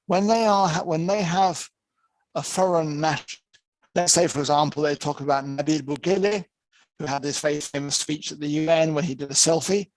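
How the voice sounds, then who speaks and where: A man with an English accent teaches an online class over a video call. His voice sits a little high for a man. He explains things in a steady, patient way, and the sound is dry and close. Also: creaky, dry recording, rough recording. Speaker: lecturer. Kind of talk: online lecture.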